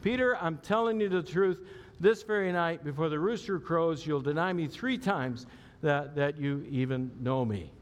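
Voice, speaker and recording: A man's voice: a little high, normal speed, lightly acted. A man voicing a solemn teacher who warns his followers in earnest, emphatic words. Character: solemn adult male teacher giving a warning. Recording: long hall reverb.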